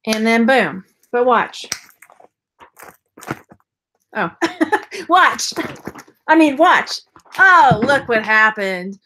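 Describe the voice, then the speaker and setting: Lady rambling on a live stream, kinda high voice, goofy sound effects. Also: sharp tone, a little hiss or hum. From Texas. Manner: chatty and playful, makes silly sound effects. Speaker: vlogger unboxing purses. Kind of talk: casual live-stream chat.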